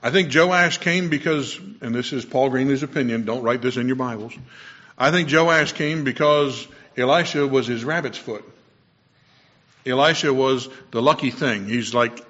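A man's voice: mid-range voice, normal speed, fairly bright tone. Conversational male preacher, dull lo-fi sound. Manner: explanatory, with personal asides and self-corrections. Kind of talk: conversational sermon.

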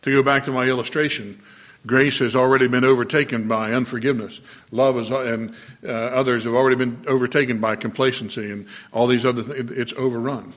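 A man's voice: medium pitch, steady tone, fairly quick, fairly bright tone. Conversational male preacher, dull lo-fi sound. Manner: explanatory, with personal asides and self-corrections. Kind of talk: conversational sermon.

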